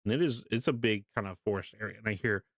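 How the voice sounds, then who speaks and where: A young man casually telling a story to his live stream chat, animated, laughing often and swearing freely. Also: lowish voice, fast talker, no echo, studio quality.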